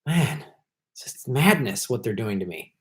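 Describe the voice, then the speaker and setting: A man hosting a casual live stream, chatting with viewers, clearing his throat often and swearing in frustrated outbursts at the tech. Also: fairly low pitch, big pitch swings, normal speed. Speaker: political comedian and live stream host.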